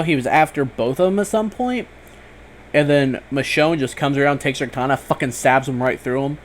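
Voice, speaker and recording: A man giving a casual, rambling spoken review of a TV episode, excitable and swearing often, full of fillers. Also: mid-range voice, slight background noise.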